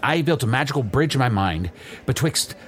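Animated exasperated man at a game table. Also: mid-range voice, fairly quick. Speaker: player. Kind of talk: tabletop role-play, in character as a wizard.

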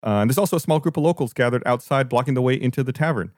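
A man narrating as game master of a tabletop game, halting with fillers. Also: mid-range voice, a little mellow, no echo, studio quality.

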